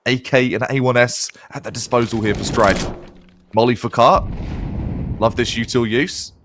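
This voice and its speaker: A man casting a competitive shooter match, with excitable play-by-play and playful quips. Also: mid-range voice, normal speed, background noise. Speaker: esports caster. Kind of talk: play-by-play commentary.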